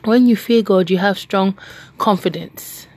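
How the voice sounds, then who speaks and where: A woman preaching a devotional message, animated and emphatic, laughing and telling stories. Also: mid-range voice, unhurried, no echo.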